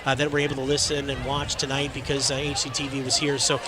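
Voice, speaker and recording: A man calling a local high school football game, excitable and shouting at big plays. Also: fast talker. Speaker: play-by-play announcer. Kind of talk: local sports commentary. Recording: crowd noise behind.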